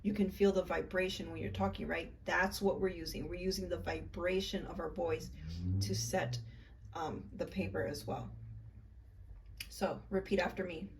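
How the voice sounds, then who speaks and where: Low-voiced woman chatting a bit off-mic. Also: moderate pace, vocal fry. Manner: chatty, rambling with fillers. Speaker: spiritual vlogger. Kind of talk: casual instructional chat. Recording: voice a bit far from mic, faint room noise.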